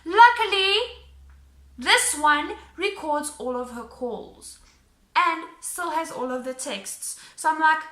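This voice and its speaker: Animated, exasperated woman telling a story. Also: sits high, slow pace. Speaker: vlogger. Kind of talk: storytime vlog. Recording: roomy echo.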